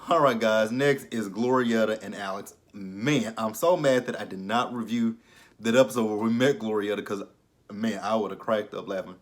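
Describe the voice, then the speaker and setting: Chatty young man recapping reality TV. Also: on the low side. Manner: chatty, laughs and swears freely, mocks the cast in quick asides. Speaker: YouTube reality-show reviewer. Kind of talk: casual recap and commentary.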